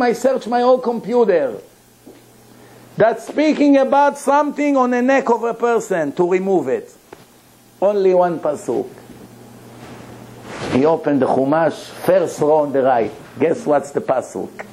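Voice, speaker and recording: Rabbi guy telling a story, acts out the other guy, laughs a lot, mellow voice, bit of hiss behind. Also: high-pitched, a little slow, rough recording. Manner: animated, acts out both sides of a dialogue; laughs between lines. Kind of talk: storytelling sermon.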